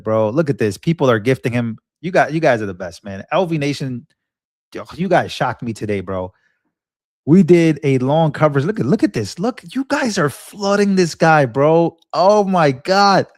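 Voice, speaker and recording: An earnest young man hosts a live stream, rambling and circling back over his own words. His voice sits at an ordinary pitch for a man. The sound is close and dry, with no room around it. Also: dry recording. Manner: earnest, rambling, repeats himself. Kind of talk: emotional live-stream talk.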